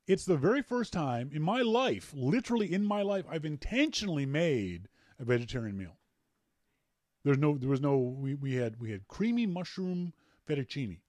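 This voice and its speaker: A man hosting a tech podcast in casual chat, animated and rambling, with jokes and repeated words. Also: on the high side, moderate pace, no echo. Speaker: podcast host.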